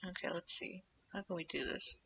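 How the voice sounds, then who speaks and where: A young woman livestreaming while she animates, chatting casually in a rambling way and drifting into low muttering to herself as she draws. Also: a little fast, vocal fry, sharp tone, distant mic, slight background noise. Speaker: streamer animating live. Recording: dull lo-fi mic set back from the speaker.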